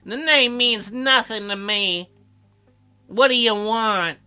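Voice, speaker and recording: A man voicing a gruff male sailor with a working-class lilt who talks in a curt, mocking way. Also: high-pitched, slow pace, pushed and bright, soft background music, heavily acted.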